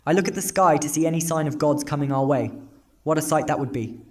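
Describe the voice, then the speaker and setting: A synthetic man voicing a brisk pious onlooker, off-mic. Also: fairly high pitch, distant mic. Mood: musing. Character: pious man looking skyward. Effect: synthetic text-to-speech voice.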